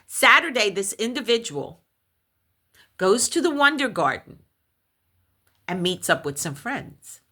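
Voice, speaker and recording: Slow-talking woman telling a personal story. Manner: animated storytelling, acts out others' voices in high shrieks; halting restarts when shaken. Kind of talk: recounting a personal paranormal story.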